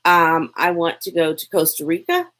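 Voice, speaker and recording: A woman in her 40s with a lowish voice talks at a moderate pace on a live stream from her phone. A lifestyle vlogger hosting a live Q&A, she's chatty and lively, laughs often, and reads viewer comments aloud as she answers their questions.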